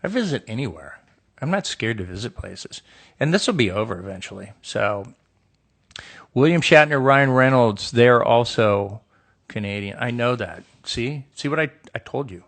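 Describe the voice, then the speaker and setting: Man, middle-aged, from the United States, gravelly voice, casual phone live stream, dry sarcastic humor, reading fan questions. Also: medium pitch, animated, normal speed, fairly bright tone. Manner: reads questions aloud and riffs with dry, joking sarcasm. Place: indoor room with a window.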